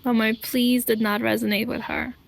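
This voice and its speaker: A woman telling her own life story to camera in an earnest, deliberate way, pausing between short phrases. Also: on the high side, level tone, vocal fry. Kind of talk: slow confessional storytelling.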